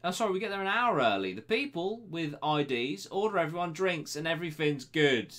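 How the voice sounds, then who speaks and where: A man's voice: fairly high pitch, very animated, fairly quick, a bit bright. A young man hosting a web show, reading a listener's email aloud with sarcastic, swearing asides. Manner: banter-heavy, sarcastic asides to the sender.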